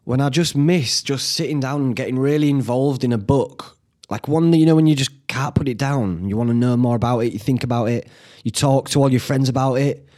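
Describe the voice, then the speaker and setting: A man's voice: medium pitch, brisk, darkish tone. A young man, hosting a casual solo podcast from home, rambling and swearing freely. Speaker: podcast host. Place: indoors at home.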